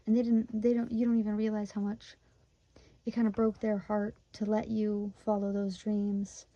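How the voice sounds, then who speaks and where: A woman's voice: medium pitch, completely flat delivery, moderate pace, mellow, dry recording, muffled recording. A woman in her twenties from Michigan, giving a casual tarot reading, emotional and close to tears, full of "like" fillers. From Michigan, USA. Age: 20s. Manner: emotional, chatty, many "like" fillers. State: tearful, near crying. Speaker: tarot reader.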